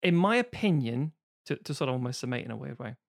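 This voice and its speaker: A person chatting casually on a podcast, animated and profane, slipping into mock voices. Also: mid-range voice, fast talker, vocal fry. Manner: animated, swears a lot, slips into mock voices.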